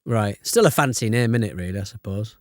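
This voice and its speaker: A man's voice: on the low side, lively intonation, fairly quick. A man co-hosting a podcast, joking around, laughing often and riffing on absurd examples. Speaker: podcast co-host. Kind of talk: casual chat.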